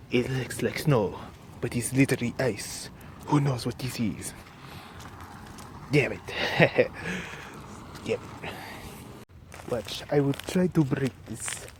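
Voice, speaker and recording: A man's voice: medium pitch, background noise. A young man playing an eccentric, boastful French man in a comedy skit, rambling and swearing in a put-on French accent as he walks outdoors on ice. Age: young adult. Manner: goofy, rambling, swearing, self-narrating. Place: outdoors on icy ground.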